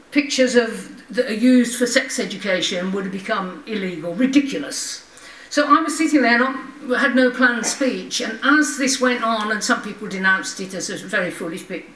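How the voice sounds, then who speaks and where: An older woman speaks to a lecture audience, telling her story in a loose, conversational way, full of ums and wry asides. Her voice sits at a middling pitch. It is picked up from some distance and rings around a roomy hall. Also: a bit bright. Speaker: lecture speaker, former member of parliament. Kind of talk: personal anecdotal lecture. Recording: roomy hall, voice from far off the mic.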